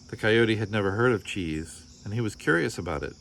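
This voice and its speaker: A man with a lowish voice reads a folk tale aloud from a picture book. He tells it expressively, at a storyteller's pace. Faint crickets chirp behind him. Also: animated, a little fast, vocal fry, few pauses, a bit bright, slight background noise. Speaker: storybook reader.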